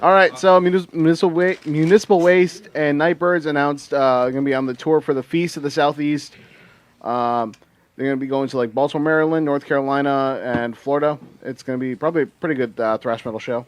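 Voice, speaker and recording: A man's voice: fairly high pitch, steady tone, brisk. A man co-hosting a casual podcast, reading out music news in a rambling way with lots of fillers and swearing.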